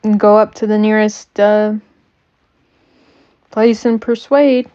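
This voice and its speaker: Woman, game master, teasing, laughs a lot, slow pace, dull lo-fi stream audio. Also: medium pitch, flat delivery, mellow. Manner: teasing, laughs often, many fillers. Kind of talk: running a tabletop game on a stream.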